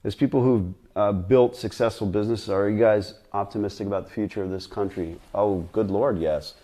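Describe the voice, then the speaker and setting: Low-pitched middle-aged guy rambling bluntly on a live stream, lots of restarts. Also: fairly even intonation, a little fast, mellow.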